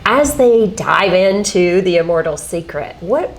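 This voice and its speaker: A woman's voice: fairly low pitch, animated, unhurried, soft background music. Woman host interviewing an author, supportive and conversational. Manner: encouraging, frequent short affirmations.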